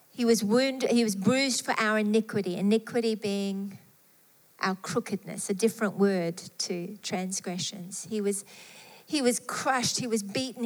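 A woman preaching a sermon with fervent delivery, rising to emphatic peaks and falling to hushed, soft phrases. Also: on the high side. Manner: fervent, swelling and dropping to soft tones. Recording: long hall reverb.

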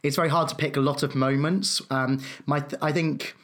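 A man with a fairly high voice co-hosts a casual film chat. He speaks with eager enthusiasm and stumbles through frequent hesitations. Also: steady tone, brisk, fairly bright tone. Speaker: podcast co-host.

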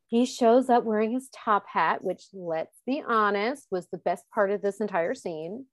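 A woman's voice: medium pitch, measured pace, dry recording. Chatty woman podcast co-host, dry sound. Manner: chatty, laughs often, acts out quotes. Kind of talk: casual chat recapping a TV show.

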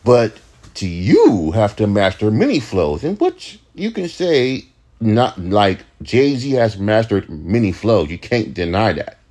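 A young man with a fairly low voice talks in a loose, late-night podcast monologue. He rants and rambles with plenty of swearing and false starts. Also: big pitch swings, slow, darkish tone. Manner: profane, ranting, rambling with restarts. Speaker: podcast host, rapper.

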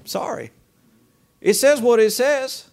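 Male pastor, high-pitched, conversational sermon with call-and-response. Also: slow, creaky, darkish tone. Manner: conversational preaching with rhetorical questions and call-and-response.

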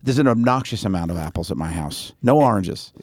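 A man co-hosting a podcast, telling a funny story in a profane, animated way. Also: lowish voice, brisk, dry recording, clean studio sound. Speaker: podcast co-host. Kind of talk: casual comedic storytelling.

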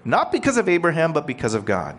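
In a conversational sermon on a scripture passage, a preacher explains things plainly and asks his listeners questions. His slightly high, husky, somewhat bright voice swoops wildly in pitch, and he talks quickly.

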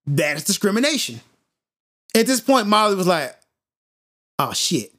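A man hosting a podcast, telling a story in an animated, emphatic monologue and repeating points for effect. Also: sits high, normal speed. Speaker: podcast host.

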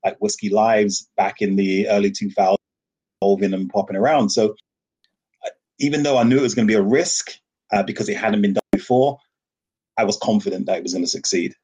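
Low, husky-voiced man telling stories. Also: a little fast. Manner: animated storyteller, laughs often. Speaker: rum festival founder, guest. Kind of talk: casual interview talk.

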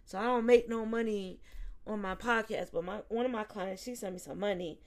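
A woman in her forties hosts a psychic podcast, chatting casually with listeners in a medium-pitched voice at a slightly quick pace. She laughs often and turns soft and quiet when she grows reflective.

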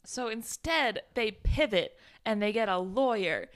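A woman's voice: mid-range voice, lively intonation, a little slow. A woman co-hosting a podcast, chatting casually about a film and sharing trivia with frequent laughs. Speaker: podcast co-host. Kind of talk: casual movie recap chat.

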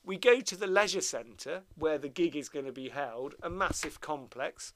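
A man's voice: fairly high pitch, lively intonation, moderate pace, fairly bright tone. A middle-aged man from Devon, telling a self-mocking anecdote in casual chat. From Devon, England.

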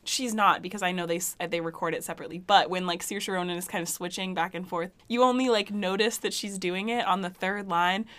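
A woman's voice: on the low side, fairly even intonation, brisk, hardly any pauses, a bit bright. A young woman co-hosting a podcast, chatting casually about a film in a giggly, rambling way with many restarts. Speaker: podcast co-host. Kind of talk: casual film-review chat.

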